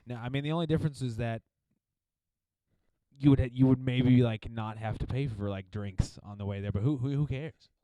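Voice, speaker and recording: Young male comic co-host from Missouri, animated storyteller, mid-pitched, dry close mic. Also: moderate pace, no echo. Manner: animated storytelling with mocking impressions. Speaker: comedian podcast co-host. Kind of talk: casual comedic chat.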